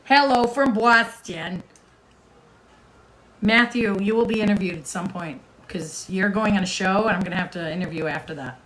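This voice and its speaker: A host chats with viewers on a casual livestream, reading out their comments. She has a mid-range voice with a fairly bright tone at a moderate pace, on a low-quality recording with slight background noise.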